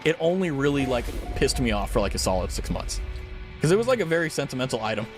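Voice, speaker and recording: Animated young man, casual streamer chat. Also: medium pitch, quick pace, music in the background. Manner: rambling, profane, animated storytelling. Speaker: VTuber streamer.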